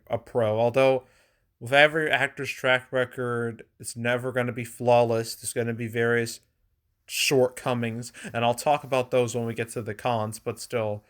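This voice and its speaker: A man's voice: mid-range voice, fairly bright tone. A man hosting his own show, chatting loosely about movies in a rambling way, full of fillers and the odd chuckle. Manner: rambling, filler-heavy with frequent "like"; chuckles now and then. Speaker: movie box office commentator. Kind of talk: casual solo commentary.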